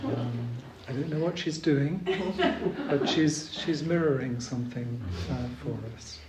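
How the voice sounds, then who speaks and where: A man giving a dharma talk as a Zen teacher, hesitant with many pauses and ums, gently humorous. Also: mid-range voice, heavy background noise. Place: retreat meditation hall. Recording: roomy hall with faint ambience.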